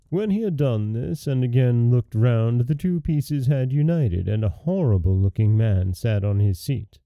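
Male storyteller host, gravelly mid-pitched voice, dry close mic, dull audio, faint music. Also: expressive, a little slow, hardly any pauses, dark tone, dry recording. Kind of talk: scripted storybook narration.

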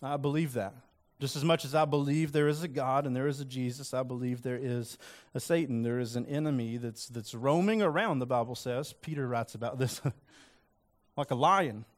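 A man's voice: medium pitch, normal speed. A man preaching a sermon in a conversational, earnest way, acting out quoted lines with rising emphasis. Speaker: pastor.

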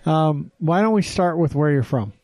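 A man's voice: a little high, lively intonation, moderate pace, darkish tone. A man hosting a podcast, joking and rambling casually between frequent fillers. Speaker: podcast host.

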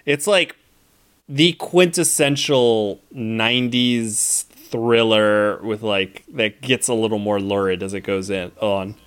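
A man's voice: on the low side, takes it slowly, a bit bright, clean tone. A man co-hosting a movie podcast, talking in a rambling, enthusiastic way full of fillers. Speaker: podcast co-host. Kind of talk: casual movie podcast chat.

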